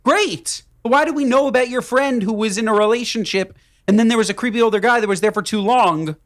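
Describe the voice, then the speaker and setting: A man's voice: extremely high pitch, fairly quick. A man co-hosting a chat podcast, giving listener advice in a teasing, wry way with emphatic repetition. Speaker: podcast co-host. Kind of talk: casual banter giving advice.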